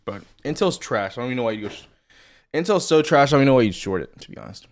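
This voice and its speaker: A man's voice: mid-range voice, animated, rapid-fire. Blunt rambling male trading streamer. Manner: rambling, blunt and profane, addresses viewers directly. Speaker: stock trading livestream host. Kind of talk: casual live market commentary.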